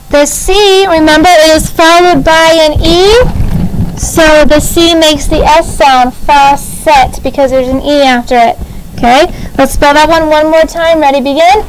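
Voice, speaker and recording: A middle-aged woman teaching a spelling lesson, her voice set quite high. She drills each word patiently, dragging out the letters one by one and chatting in between. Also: fairly even intonation, moderate pace, rough recording. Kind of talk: classroom spelling lesson over video.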